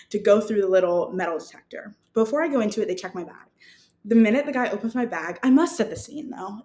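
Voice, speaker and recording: A young woman hosting a podcast, telling a story in a casual, animated and self-mocking way, often laughing. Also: medium pitch. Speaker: podcast host. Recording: roomy echo.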